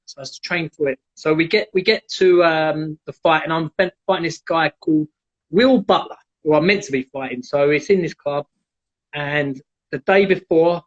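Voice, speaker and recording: A man telling animated stories in a casual live chat and acting out the people in them. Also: a little high. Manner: animated, acts out quoted voices. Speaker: guest, jiu-jitsu black belt. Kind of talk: casual storytelling on a live stream. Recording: dull lo-fi live stream audio.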